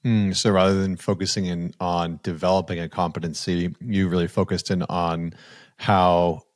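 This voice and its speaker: A man hosting a podcast, asking long questions in a relaxed, curious way. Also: low-pitched, moderate pace, dry recording, clean studio sound. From Canada (Alberta). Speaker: podcast host. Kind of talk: casual podcast interview.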